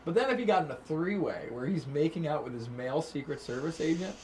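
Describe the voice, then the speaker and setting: A man's voice: on the high side, lively intonation, fast, darkish tone, slight background noise. A man hosting a casual livestream chat, emphatic and profane. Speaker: host.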